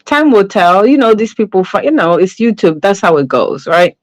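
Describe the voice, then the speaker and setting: Woman, casual livestream gossip host, conversational, dry recording, mid pitch. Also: sing-song, moderate pace, dry recording. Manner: chatty, tags lines with "right?" and "okay?"; greets chat viewers mid-story.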